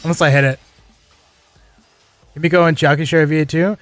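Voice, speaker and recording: A young man chatting excitably while streaming a game, swearing casually. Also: on the high side, brisk, faint music behind.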